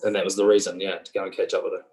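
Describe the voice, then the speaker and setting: A man with a New Zealand accent, a guest telling his story in a relaxed way with many fillers. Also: sits low, rapid-fire, rough recording. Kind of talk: casual interview.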